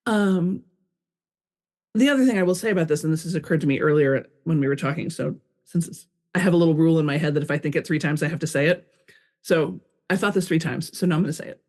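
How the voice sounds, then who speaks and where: Woman, podcast guest, candid, expressive, playful asides. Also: low voice, quick pace. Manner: expressive, acts out her own quoted thoughts with laughs. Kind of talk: conversational interview.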